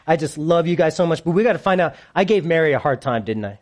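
Male pastor, sermon, animated and teasing, wide pitch swings. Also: fast talker. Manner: animated, playful, swings from hushed to loud.

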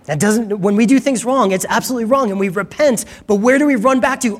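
A man's voice: high-pitched, brisk, few pauses, long reverb tail. A man preaching a conversational sermon as pastor, asking the congregation questions.

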